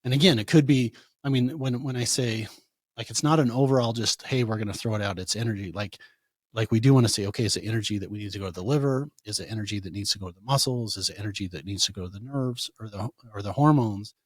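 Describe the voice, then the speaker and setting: A man, a chiropractor, answering interview questions in a conversational way, telling animated stories and acting out what his patients said. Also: on the low side, fast talker, breathy edge, dry recording, studio quality. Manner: animated storytelling, acts out quoted patients. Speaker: chiropractor guest.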